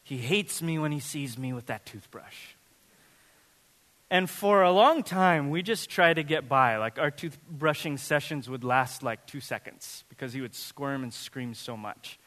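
A man in his thirties preaching a sermon as pastor, telling funny, animated family stories. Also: mid-range voice, unhurried, big-room sound. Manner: animated, humorous storytelling. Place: church sanctuary.

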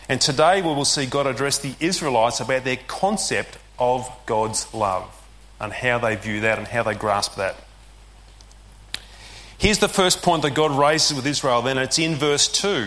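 A man's voice: mid-range voice, fairly bright tone. A man preaching a sermon as pastor, conversational and explanatory with casual fillers.

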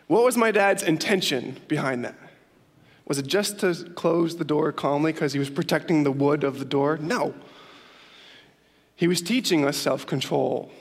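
A young man, a youth pastor, preaching a sermon and telling stories with lively emphasis and frequent laughs. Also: fairly high pitch. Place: church hall with long reverb. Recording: reverberant church hall.

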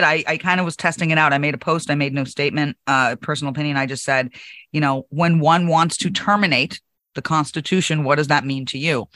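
A woman co-hosts a political talk show with a bright, forceful voice. She speaks with emphatic indignation and laughs often. The sound is dry and close. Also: low-pitched, dry recording. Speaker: co-host.

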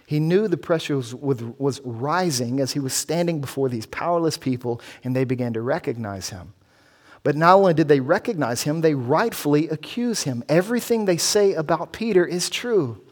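A man's voice: fairly high pitch, lively intonation, moderate pace. A male pastor preaching an expository sermon, earnest and building emphasis as he walks through a scripture passage.

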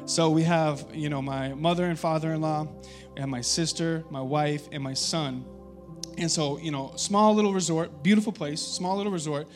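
A young man, a pastor, preaching a sermon, telling a story and building to loud, urgent exhortation. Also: on the high side, steady tone, moderate pace, over music. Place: church sanctuary.

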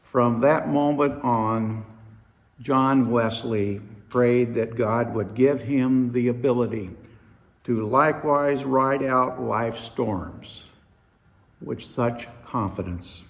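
A man preaching a sermon, retelling a story slowly and dramatically, his voice swelling and dropping for effect. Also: mid-range voice, big-room sound.

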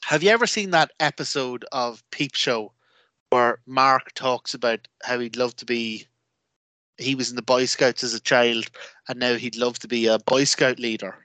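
A man co-hosting a podcast, telling rambling, animated stories in casual chat with lots of fillers. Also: mid-range voice, normal speed, no echo. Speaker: podcast co-host.

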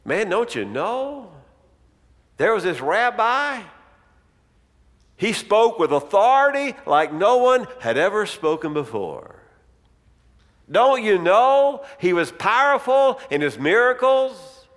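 An incredulous ancient traveler, put on by a man preaching, rattling off emphatic questions. His voice sits high and swings widely. It rings in the long reverb of a large hall. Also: lively intonation, normal speed, few pauses, natural voice.

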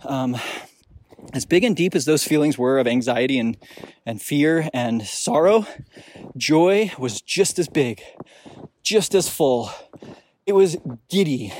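A young man hosting a podcast, telling a deeply personal story in a reflective, emotional way with frequent restarts. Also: expressive, takes it slowly, long pauses, darkish tone. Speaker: podcast host. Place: outdoors on a snowy mountain.

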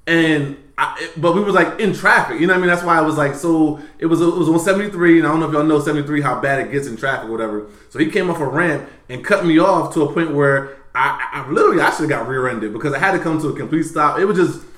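A man hosting a podcast, telling a story in casual, profane talk that swings between loud bursts and low mutters. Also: fast talker, few pauses, reverberant. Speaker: podcast host.

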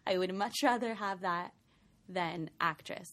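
A woman's voice: on the low side, measured pace, fairly bright tone. A woman with an American accent co-hosting a podcast, chatting in a bubbly, giggly way. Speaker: podcast co-host. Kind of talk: casual chat.

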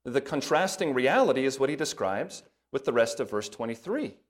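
A man's voice: sing-song, moderate pace, few pauses. Man preaching an expository sermon. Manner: expository preaching, reads scripture aloud with rising emphasis; breaks into soft asides in a lower voice. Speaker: pastor.

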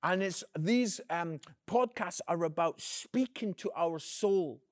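High-voiced earnest male evangelist. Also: takes it slowly, no room sound, studio quality. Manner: earnest, calls the listener "friend"; energetic, swings between loud emphasis and quiet. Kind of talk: inspirational video message.

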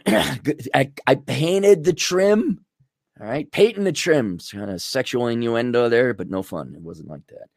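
A man's voice: medium pitch, lively intonation, a little slow, gravelly, no echo, clean studio sound. A man hosting a podcast, ranting in a blunt, sarcastic and crude way. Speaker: podcast host. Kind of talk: ranting monologue.

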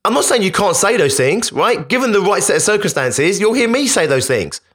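A man's voice: sits high, very animated, a little fast, few pauses, a bit bright, breathy edge. A man hosting a podcast, speaking in an emphatic, conversational motivational monologue that often repeats itself. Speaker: podcast host.

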